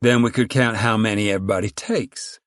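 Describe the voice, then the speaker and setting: A man's voice: lowish voice, fairly even intonation, brisk, no echo, clean studio sound, close to an everyday voice. A man voicing a stern middle-aged woman who chairs a camp committee, talking in a bossy rural drawl.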